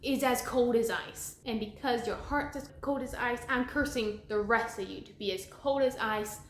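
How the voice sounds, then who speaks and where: A woman's voice: on the high side, moderate pace, slight background noise, close to an everyday voice. A woman voicing a sweet, earnest young man who turns out to be a wizard, in an echoey room. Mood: indignant. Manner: eager, polite, then indignant.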